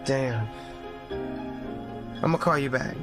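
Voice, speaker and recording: A man's voice: mid-range voice, takes it slowly, over loud music, lightly acted. A man in a promo clip plays a singer taking a call in the studio, talking in a casual, disbelieving way.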